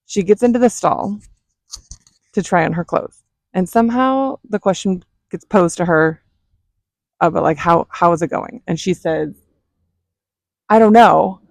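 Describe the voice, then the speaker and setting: A woman vlogger and mother telling a story in a chatty, animated way. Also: fairly low pitch, normal speed, vocal fry, no echo. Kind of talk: casual storytelling.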